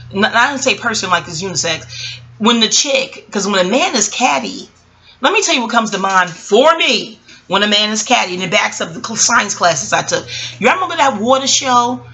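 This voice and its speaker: A woman giving a casual, rambling recap of a TV show. She is profane, animated and keeps digressing. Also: medium pitch, low-quality recording. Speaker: YouTube TV reviewer.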